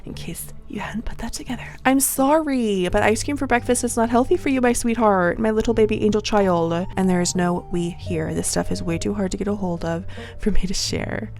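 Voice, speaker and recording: Grumpy scowling woman for a story game, curt and scolding, played by a woman with a gravelly edge at the bottom of her voice. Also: lowish voice, steady tone, fairly quick, darkish tone. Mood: stern scolding.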